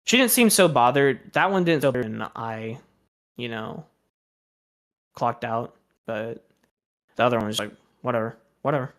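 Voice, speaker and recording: Young man, streamer, casual rant, exasperated, aggrieved, swearing, mid-pitched voice. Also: a little slow, pauses often.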